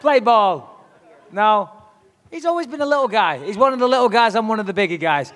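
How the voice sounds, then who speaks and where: A man's voice: high-pitched, lively intonation, fairly quick, fairly bright tone. A man trash-talking at a press conference, brash, profane and taunting. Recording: long hall reverb.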